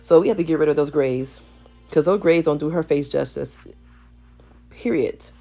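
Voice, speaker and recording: A woman hair stylist with a gravelly morning voice, chatting playfully to viewers in a salon vlog. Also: deep voice, normal speed, warm tone, soft background music. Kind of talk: casual voice-over vlog chat. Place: salon suite.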